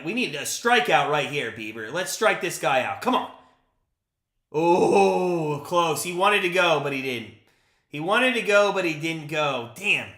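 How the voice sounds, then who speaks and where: Excitable man calling a game live. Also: fairly high pitch, echoey room. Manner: excitable, talks to chat, swings between hype and frustration. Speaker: live stream play-by-play host. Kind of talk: fan play-by-play and live reaction.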